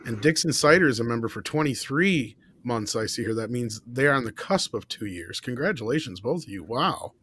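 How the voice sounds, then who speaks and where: A man with a medium-pitched voice chats as a panelist on a live show. He talks in a plain, matter-of-fact way. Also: lively intonation, a little fast, hardly any pauses, fairly bright tone, a little hiss or hum.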